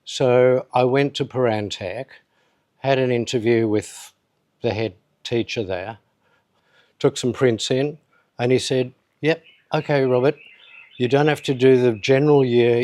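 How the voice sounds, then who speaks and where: An older photographer with a medium-pitched, darkish voice tells stories from his career in an interview, speaking without hurry. He acts out the voices of the people he quotes.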